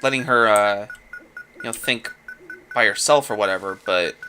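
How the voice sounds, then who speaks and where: Bright-voiced man narrating a game. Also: fairly low pitch, moderate pace, a little hiss or hum. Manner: chatty, thinking aloud with fillers and laughs. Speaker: let's play host. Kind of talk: casual gameplay commentary.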